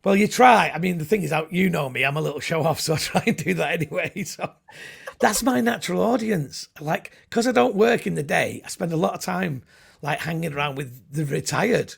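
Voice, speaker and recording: A man's voice: a little high, a little fast, gravelly, husky. A middle-aged man, a comedian, chatting casually and telling rambling, jokey stories with little comic voices. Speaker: comedian guest. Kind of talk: casual chat.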